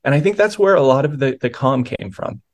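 A man's voice: mid-range voice, lively intonation, brisk. A man, a pastor and author, earnestly telling a personal story of faith in a podcast interview, with many restarts.

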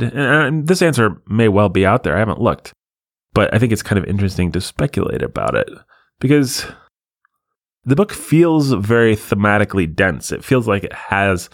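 A man's voice: mid-range voice, dry recording. A man hosting a podcast alone in a studio, riffing in a sarcastic, self-deprecating, rambling way. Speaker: podcast host.

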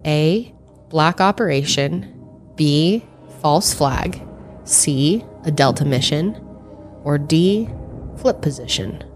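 A woman's voice: low-pitched, lively intonation, slow, pauses often, faint music behind. A woman co-hosting a casual podcast quiz, blunt and joking as she reads questions and argues answers. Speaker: podcast co-host. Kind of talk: casual quiz game chat.

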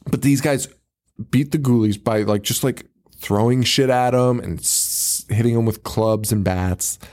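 A man's voice: fairly low pitch, a little mellow. A man co-hosting a podcast, casually recapping a movie in a rambling way, swearing freely, laughing often and mimicking characters. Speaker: podcast co-host.

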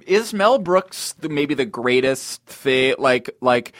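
A man's voice: medium pitch, expressive, takes it slowly, a bit bright, dry recording, studio quality. A man co-hosting a podcast, chatting with enthusiasm and rambling in a loose, laughing way. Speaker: podcast co-host. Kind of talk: casual comedic chat.

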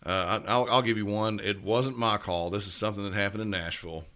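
Podcast co-host, male, deep and bright-edged, casual anecdotes with stops and restarts. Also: steady tone. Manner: halting, many restarts and fillers. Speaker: podcast co-host, police dispatcher. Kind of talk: casual storytelling.

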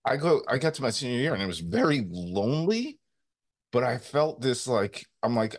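A man in his thirties co-hosting a sports talk show, telling stories in a rambling, animated way with many fillers. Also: mid-range voice, moderate pace. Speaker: sports radio co-host.

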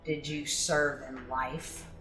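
A grim male hunter delivers curt, cold demands, voiced by a woman in a low, unhurried tone. Every line sounds like an order. The room around the voice is echoey. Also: level tone, fairly bright tone, recorded from a distance, soft background music, heavily acted. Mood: commanding. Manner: cold, commanding.

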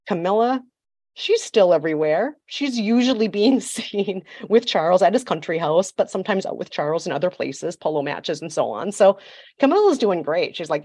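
A royal commentator appearing as a podcast guest tells a story in a chatty, emphatic, sassy style, tossing in mocking asides. Her mid-range voice is a little mellow, with lively intonation and normal speed, captured in a dry, clean studio recording.

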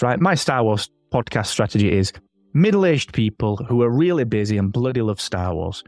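A man's voice: medium pitch, big pitch swings, moderate pace, a little mellow, no room sound. A man giving podcasting advice in a rambling, emphatic, casual way. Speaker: podcasting expert guest.

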